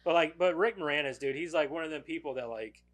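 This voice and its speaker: Podcast co-host, male, slightly high voice, eager and profane, casual chat. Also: fast, fairly bright tone. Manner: enthusiastic, swears freely, repeats words.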